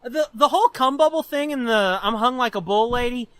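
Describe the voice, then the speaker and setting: A man in his twenties co-hosting a podcast, telling stories in an animated, profane way and laughing often. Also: extremely high pitch, a little fast, clean tone, no room sound. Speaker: podcast co-host. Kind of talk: casual chat, storytelling.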